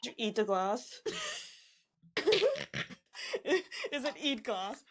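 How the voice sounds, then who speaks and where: A woman's voice: on the high side, animated, extremely slow, a little hiss or hum. A woman streamer chatting over a game in a teasing, reactive way. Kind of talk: casual gameplay chat.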